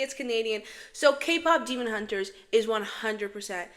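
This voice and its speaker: A woman's voice: on the high side, normal speed, few pauses. Chatty young woman with heavy echo. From Morocco. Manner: chatty, dramatic, self-talking. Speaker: vlogger. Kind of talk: casual chat vlog. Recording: echoey reverb from an echo setting.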